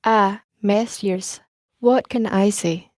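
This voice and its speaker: A weary, dignified elderly French countess speaks low and musically in this audiobook, as a woman narrator voices her. The tone is dark and mellow. The recording is close and dry. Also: fairly even intonation, slow pace, no room sound, lightly acted. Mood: grateful. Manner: strong foreign accent, low musical voice.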